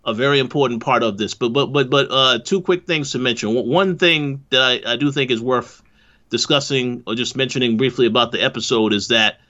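A man co-hosting a casual talk, speaking in a measured, hesitant way with repeated words. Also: mid-range voice, sharp tone. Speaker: podcast co-host. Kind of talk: casual discussion. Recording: dull lo-fi mic.

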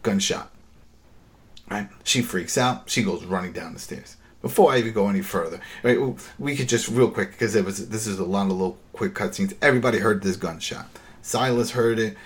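A man hosting a casual episode recap, ranting in an animated, exasperated way, swearing and acting out bits of the scenes. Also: lowish voice. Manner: acts out character lines in quick impressions.

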